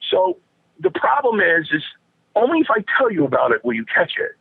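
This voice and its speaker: An older man, a retired wrestler, telling animated backstage stories as a podcast guest, talking to the hosts as "guys" and repeating his phrases for effect. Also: very high voice, fairly quick, vocal fry, husky, dry recording. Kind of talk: anecdotal storytelling. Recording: tinny phone line, dry.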